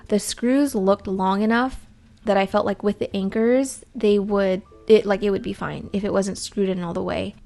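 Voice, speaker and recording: A woman's voice: medium pitch, steady tone, moderate pace, creaky, warm tone, soft background music. A woman doing a casual, rambling vlog voice-over in a chatty, self-deprecating way. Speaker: vlogger.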